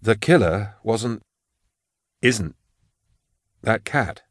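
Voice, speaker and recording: A man voicing a quiet, awkward, melancholy male scientist who speaks in a soft, reserved and precise way. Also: lowish voice, expressive, very slow, no room sound, studio quality, heavily acted.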